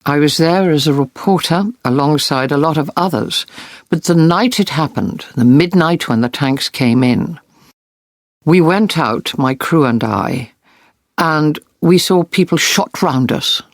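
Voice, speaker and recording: A woman's voice: deep voice, a little slow, dry recording. A woman war correspondent earnestly recounting vivid experiences in an interview. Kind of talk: interview storytelling.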